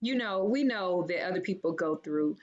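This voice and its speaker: A woman's voice: fairly low pitch, expressive, moderate pace. Woman near tears, dull call audio. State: holding back tears. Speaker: podcast host guest. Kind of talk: casual chat.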